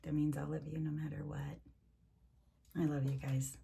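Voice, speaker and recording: A woman's voice: low-pitched, flat delivery, normal speed, gravelly, dark tone, slight background noise. An older woman, a grandmother, reading a picture book aloud with chatty asides and frequent laughs, her voice swooping up when she reads the story.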